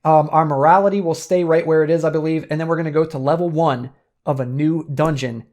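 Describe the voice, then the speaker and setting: Give me an excitable young man with a high voice, talking viewers through a tabletop game. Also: fairly quick. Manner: excitable, addresses viewers as "dudes". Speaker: board game channel host. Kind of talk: excited tabletop playthrough commentary.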